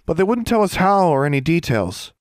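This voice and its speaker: A man voicing an excitable, flamboyant young child in an audiobook, gleeful and boastful. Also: fairly high pitch, brisk, dry recording, clean studio sound, pitched above the performer's own voice. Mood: eager.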